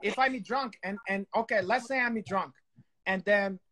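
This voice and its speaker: A man co-hosting a chat show. He jokes loudly, swears freely and keeps restarting his sentences. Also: high voice, a little hiss or hum. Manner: profane, loud, joking, halting restarts. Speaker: co-host. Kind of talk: comedic casual chat.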